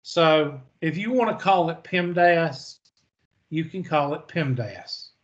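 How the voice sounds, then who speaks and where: A male math instructor with a slightly higher-than-usual voice. He lectures in a folksy, storytelling way, asking questions and answering them himself. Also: slow, highs cut off.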